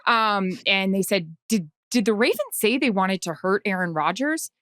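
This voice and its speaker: A woman in her forties co-hosting a podcast, telling an anxious story in a casual, animated way. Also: mid-range voice, normal speed, no room sound. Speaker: podcast co-host and sideline reporter. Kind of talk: casual chat.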